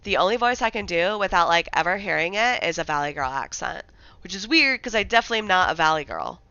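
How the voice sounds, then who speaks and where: A woman's voice: lowish voice, expressive, quick pace, bright, forceful tone, clean tone, no echo, lo-fi sound. A young woman from the American Midwest chatting casually on a livestream, rambling with lots of fillers and restarts. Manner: rambling, filler-heavy, many likes and restarts.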